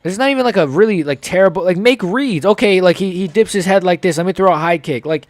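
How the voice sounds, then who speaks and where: A man's voice: high-pitched, fast talker, no room sound, studio quality. A young man hosting a live fight reaction, ranting heatedly and swearing. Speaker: MMA channel host.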